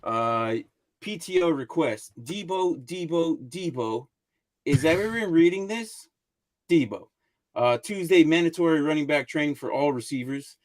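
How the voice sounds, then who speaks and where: A man hosting a casual podcast chat, laughing easily and reading things aloud with halting fillers. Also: fairly high pitch, expressive, no echo. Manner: loose, laughing, reads signs aloud haltingly. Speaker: podcast host. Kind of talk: casual chat, reacting to a video.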